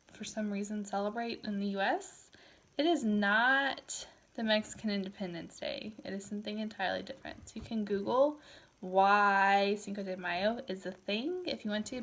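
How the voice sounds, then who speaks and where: A tired woman in her thirties teaching a recorded Spanish class, switching between English and Spanish in a relaxed, chatty way. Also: medium pitch. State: tired, yawning. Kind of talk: recorded lecture.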